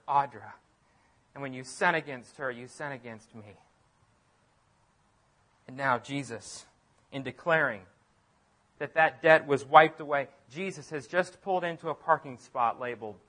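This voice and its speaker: Bright, forceful preaching man. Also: on the high side. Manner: emphatic preaching with repeated phrases and big swings from loud to soft. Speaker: pastor. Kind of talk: sermon.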